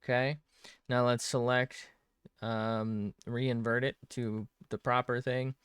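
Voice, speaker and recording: Man, streamer, unhurried, smooth clear voice, mutters and swears while drawing. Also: medium pitch, little pitch movement, fairly bright tone, dry recording. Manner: mutters to himself, swears often, self-mocking. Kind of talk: casual commentary while drawing.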